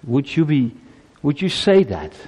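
A man's voice: a little high, sing-song, measured pace, a little mellow, slightly rough, in a large hall. A man giving a children's sermon, telling a story with animation and asking the children questions. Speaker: preacher.

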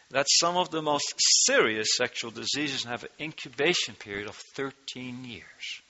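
A man preaching an earnest sermon, his voice rising in pitch and force when he reads from scripture. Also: animated, normal speed, hardly any pauses, bright, forceful tone, dull audio. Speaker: pastor.

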